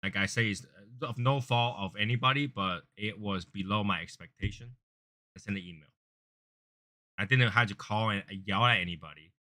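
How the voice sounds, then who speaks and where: A man hosting a cigar review channel, talking casually and earnestly, rambling and repeating himself, sometimes raising his voice to act out angry callers. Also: normal speed. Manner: grows louder and higher when acting out angry callers. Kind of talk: casual chat.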